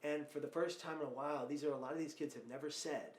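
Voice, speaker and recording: Fast-talking emphatic man, roomy sound. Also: fairly high pitch, steady tone, slight background noise. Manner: emphatic, grows loud when telling stories. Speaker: podcast host and speaker. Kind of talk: podcast conversation. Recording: roomy echo.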